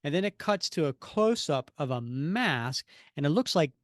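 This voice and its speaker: A man co-hosting a podcast, recapping a comic in an animated, rambling way with plenty of fillers. His voice is fairly high, and the close mic gives a dry, tight sound. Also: moderate pace, no echo. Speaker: podcast co-host. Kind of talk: casual comic-book chat.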